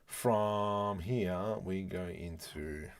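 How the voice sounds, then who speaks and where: A man's voice: low-pitched, very slow, slight background noise. A man from Australia with an Australian accent, chatting and joking as he talks through his work in a live-streamed 3D modeling tutorial. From Australia (Adelaide). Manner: chatty, joking, talks to himself while working. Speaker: 3D artist streamer.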